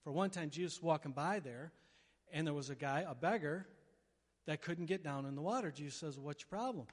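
Male pastor, high voice, animated sermon with loud bursts and acted-out voices, big reverberant hall. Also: fairly quick. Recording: long reverb of a large hall.

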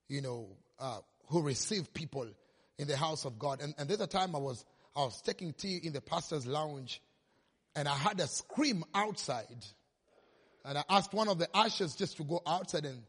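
A man's voice: fairly high pitch, breathy edge. A male pastor telling a story in a sermon, acting out the quoted voices. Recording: long hall reverb.

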